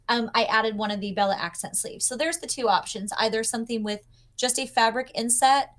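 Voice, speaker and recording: A woman's voice: on the high side, fairly bright tone. Chatty woman teaching a sewing pattern. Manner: chatty, upbeat, teaching step by step. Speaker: pattern designer guest. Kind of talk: demonstrating a pattern on a livestream. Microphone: video call.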